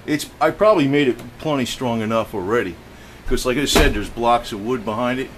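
A man's voice: medium pitch, a little fast, noisy background. A man casually narrating a home video, rambling and swearing as he chats to his cats about a walkway he built. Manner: rambling, profane, chatty, talks softly to his cats. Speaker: home DIY vlogger. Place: indoor home room.

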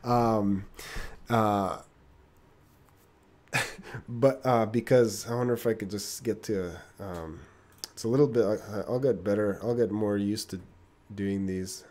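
A man teaching an online lesson on plants in a casual, halting way, with many fillers, restarts and laughs. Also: fairly low pitch, fairly even intonation, darkish tone. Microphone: computer mic.

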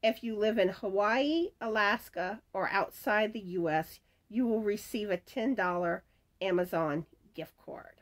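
With a medium-pitched voice and a measured pace, a middle-aged crochet channel host announces her giveaway winners. She chats casually and laughs a lot while reading viewers' comments, at home as the wind rattles a screen door.

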